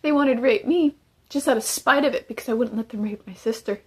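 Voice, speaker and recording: A woman's voice: fairly high pitch, fast talker, a little mellow, breathy edge. A woman giving emotional testimony as a former inmate, urgent and pleading. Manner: urgent, pleading, tearful at times.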